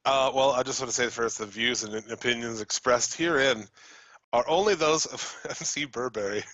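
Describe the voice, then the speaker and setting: A man's voice: mid-range voice, moderate pace, bright, forceful tone, dry recording, lo-fi sound. Laid-back podcast co-host man. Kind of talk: casual chat.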